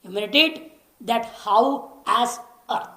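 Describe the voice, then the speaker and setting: A woman teaching scripture, explaining patiently, repeating key words and slowly chanting Sanskrit lines. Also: fairly high pitch, expressive, pushed and bright, reverberant. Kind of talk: lecture on scripture.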